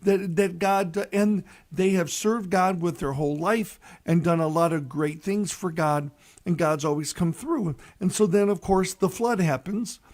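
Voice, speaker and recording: Earnest priest with a high voice. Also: male voice, measured pace, a little mellow. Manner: folksy, earnest, many "you know" asides. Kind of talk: radio reflection with storytelling.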